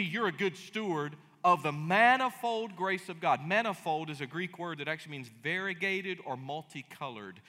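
A middle-aged man preaching with a bright, forceful, slightly high voice. He acts out little scenes of dialogue and jumps into loud bursts. His voice rings with a long reverb through a church hall. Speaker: pastor. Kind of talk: sermon. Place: church sanctuary.

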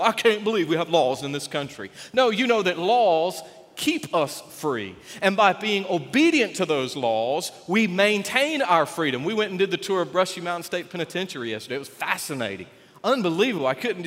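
A man preaching a sermon, animated and folksy, joking with the congregation. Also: high voice. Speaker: pastor. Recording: long reverb of a large hall.

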